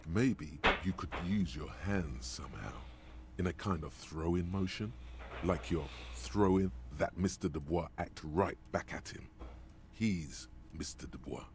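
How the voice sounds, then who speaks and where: An actor voicing an ominous inner voice that narrates a video game character's thoughts, grave, taunting and intimate. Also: male voice, low-pitched, measured pace, darkish tone, slight background noise. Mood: urging.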